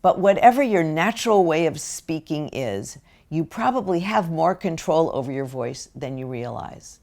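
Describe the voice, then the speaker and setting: Low gravelly American woman lecturing slowly. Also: lively intonation, a little mellow. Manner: slow deliberate delivery with acted-out parent quotes. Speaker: parenting educator. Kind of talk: spoken lecture to parents.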